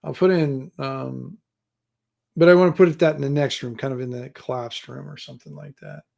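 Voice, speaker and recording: Gravelly-voiced man rambling on a stream. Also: mid-range voice, fairly even intonation, fairly quick, darkish tone. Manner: rambling, thinks aloud, jokes with chat. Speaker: livestream host writing a tabletop adventure. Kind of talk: casual live-stream chat. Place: home room with gear and books behind him.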